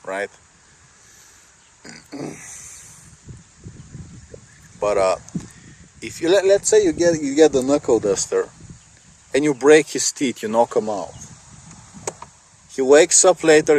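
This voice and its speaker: A man's voice: mid-range voice, lively intonation, a little slow, pauses often, a little mellow, poor audio. A man vlogging outdoors in strong wind by a car, rambling casually and swearing often with many fillers. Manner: rambling, swears a lot, says "like" and "bro" often. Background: wind blowing into the microphone.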